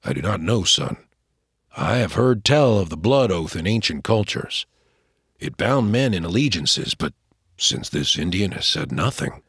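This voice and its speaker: A steady frontier father, grave and practical, as a narrator puts him on. His voice sits deep and husky, and his lines come out measured and plain. A storybook dad thinking things through. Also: no echo, clean studio sound, heavily acted. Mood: thoughtful.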